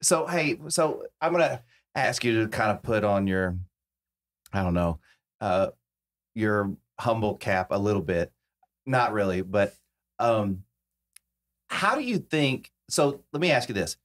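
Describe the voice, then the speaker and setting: A man's voice: lowish voice, expressive, a little slow, pauses often. A man hosting a podcast, asking rambling, hesitant questions in a casual chat. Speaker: podcast host.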